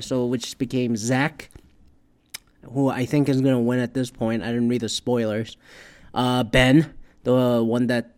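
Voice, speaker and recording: A man hosting a casual talk show, ranting in a rambling, profane way and growing loud and worked up. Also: mid-range voice.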